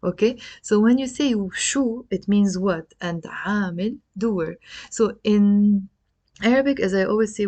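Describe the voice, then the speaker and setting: A woman's voice: mid-range voice, a little mellow. A woman from Lebanon with a Lebanese accent, a language teacher explaining phrases in a chatty way with asides. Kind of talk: casual explanatory lesson.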